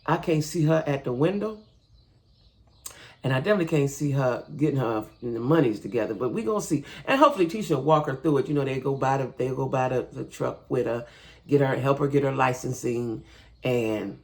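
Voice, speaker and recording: A woman's voice: rumbling low, a little fast, a little mellow. A woman giving a casual, chatty recap of a reality TV show, talking straight to her viewers and often checking in with a "right?". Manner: chatty, addresses viewers as "y'all", frequent "right?".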